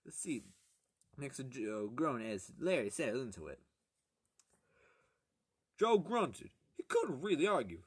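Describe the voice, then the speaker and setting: A man's voice: medium pitch, sing-song, breathy edge, dry recording, clean studio sound. A man reading an audiobook aloud in a casual, rambling way, stumbling, correcting himself and breaking off for crude jokes. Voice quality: jokey, crude asides and halting self-corrections. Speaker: amateur audiobook reader.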